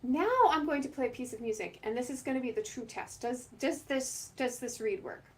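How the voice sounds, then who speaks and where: Chatty higher-voiced woman oboe teacher. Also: fairly quick. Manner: chatty, self-correcting, laughs often. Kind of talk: instructional talk to camera.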